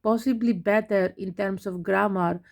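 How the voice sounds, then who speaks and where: A young adult woman whose first language is Greek, a language teacher giving an unhurried, explanatory talk to camera with small laughs. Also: mid-range voice, fairly even intonation, gravelly, darkish tone.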